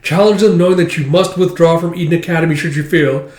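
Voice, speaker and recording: A man's voice: fairly high pitch, fairly even intonation, fast, a little mellow, voice pushed up, natural voice. A man voicing a stern adult military father lecturing his son, while reading a comic aloud. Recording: echoey room.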